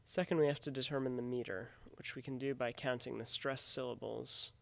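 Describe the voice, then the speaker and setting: Guy with a gravelly voice, teacher going through a scripted lesson, steady and explanatory. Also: mid-range voice, dry recording. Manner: measured, explanatory delivery.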